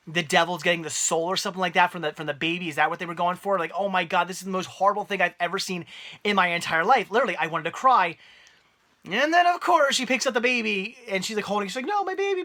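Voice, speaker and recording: A young man and parent giving a rambling, animated movie review rant, full of restarts. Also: sits high.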